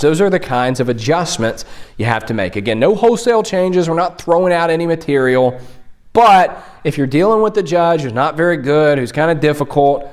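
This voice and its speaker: A young man who coaches mock trial, giving direct-to-camera advice in an earnest, conversational way. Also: fairly high pitch.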